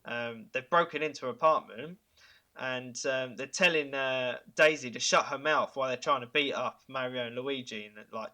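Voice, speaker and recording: A man hosting a podcast, pitching ideas in casual chat, enthusiastic and chuckling, with halting fillers. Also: pushed and bright. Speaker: podcast host.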